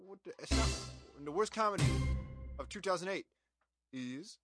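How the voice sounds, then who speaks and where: A man's voice: high-pitched, expressive, normal speed, over loud music. A young man co-hosting a podcast, ranting about bad movies with crude, profane jokes. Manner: loud, profane, joking rants. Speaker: podcast co-host. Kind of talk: crude casual movie-review banter.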